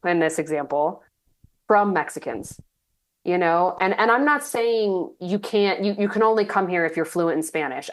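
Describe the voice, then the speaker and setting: A woman in her thirties from Texas, a guest telling stories in a chatty, animated way with lots of fillers. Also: fairly low pitch. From Texas, United States. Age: 30s. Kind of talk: casual interview storytelling.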